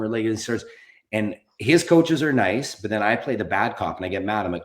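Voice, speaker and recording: A man's voice: lowish voice, expressive, moderate pace. Roomy-sounding candid man in his forties. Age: 40s. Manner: candid, rambling, swears casually. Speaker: podcast guest, documentary producer. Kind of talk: casual podcast conversation. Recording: roomy echo.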